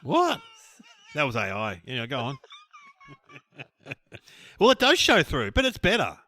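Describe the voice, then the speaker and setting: An Australian man co-hosting a podcast, teasing his partner with quick interjections in casual chat. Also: mid-range voice, wildly swooping pitch, sharp tone. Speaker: podcast co-host.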